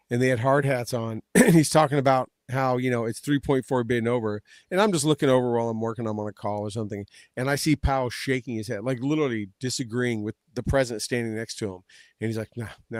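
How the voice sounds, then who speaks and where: Male panelist, mid pitch, dry close sound; rambling talker who acts out quotes. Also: a little mellow, no room sound. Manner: rambling, many restarts, retells scenes in quoted voices. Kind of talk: casual political chat.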